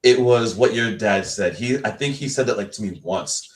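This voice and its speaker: A man's voice: on the low side, normal speed. A man talking reflectively and hesitantly on a casual show, restarting his sentences as he goes. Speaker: guest host. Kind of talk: casual podcast talk. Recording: echoey and distant mic.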